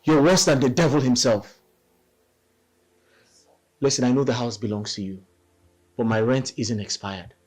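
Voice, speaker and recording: A man's voice: medium pitch, measured pace, long pauses, lightly acted. An actor with a Nigerian accent playing a grieving man who was betrayed by his wife, in a film drama. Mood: furious.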